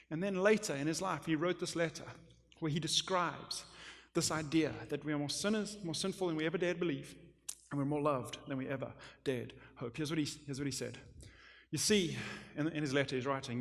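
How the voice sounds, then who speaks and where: A male pastor preaching a sermon, impassioned, moving from loud emphasis down to a hush. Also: fairly high pitch, a little fast. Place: church. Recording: long church hall reverb.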